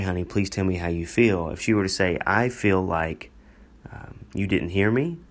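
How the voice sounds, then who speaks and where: Man, very deep voice, pastor, solo podcast teaching, calm and earnest, repeats himself. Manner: calm, earnest, repeats key points, frequent "uh" fillers. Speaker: pastor and marriage podcast host.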